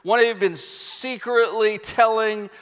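A man's voice: sits high, steady tone, unhurried, long reverb tail, pitched above the performer's own voice. A man doing a furious commanding king. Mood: suspicious. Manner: commanding, forceful declarations. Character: angry suspicious male king.

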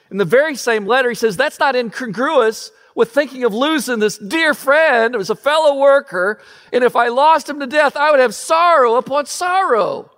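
A man preaching with earnest feeling, often repeating himself and sinking to a hushed tone. His voice sits high for a man. A long hall reverb trails after his words. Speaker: pastor. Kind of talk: sermon.

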